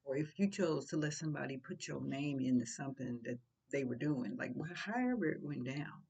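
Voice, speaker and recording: A woman's voice: low voice, expressive, brisk, vocal fry, darkish tone, slightly rough, muffled recording. An older woman giving casual, preachy commentary, blunt and full of rhetorical questions. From St. Louis.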